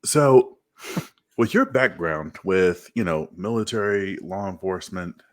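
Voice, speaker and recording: A man's voice: low voice, expressive, a little slow. A man hosting a podcast, reacting to his guest's stories with brief amused interjections before asking his next question. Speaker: podcast host. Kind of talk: casual interview.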